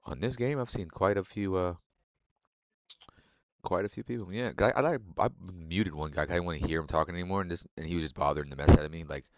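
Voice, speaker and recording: A man's voice: sits low, fast, no room sound, muffled recording. A man streaming a game and chatting casually with viewers, loose and profane, laughing often. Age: adult. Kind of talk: casual live-stream chat.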